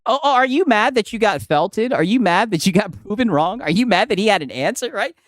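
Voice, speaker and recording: Excitable, lively-voiced male streamer. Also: high-pitched, fairly quick. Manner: loud, excitable, swearing, teasing. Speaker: streamer reacting to videos. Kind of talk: casual reaction stream chat.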